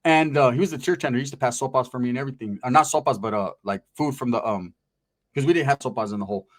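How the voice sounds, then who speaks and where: A man's voice: medium pitch, rapid-fire. A man telling stories in casual, slang-heavy talk, acting out what other people said. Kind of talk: casual storytelling.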